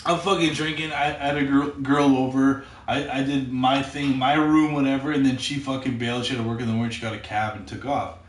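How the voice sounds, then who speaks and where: A man's voice: mid-range voice, brisk, few pauses, far from the mic. Rambling, swearing man in an echoey room. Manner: rambling, swears constantly, repeats himself, grows loud and excited. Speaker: podcast storyteller. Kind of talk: casual profane storytelling.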